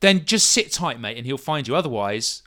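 A man voicing a suspicious, irritable androgynous half-elf woman who makes sharp demands. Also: medium pitch, big pitch swings, moderate pace.

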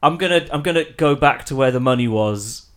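A man's voice: medium pitch, expressive, a little fast, close to an everyday voice. A man voicing a flustered male shopkeeper, hesitant and bumbling.

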